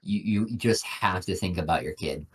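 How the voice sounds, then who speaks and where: A man's voice: deep voice, moderate pace, recorded from a distance. A man co-hosting a casual podcast over a video call, speaking candidly in a rambling way, heavy on fillers and swearing. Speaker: podcast co-host.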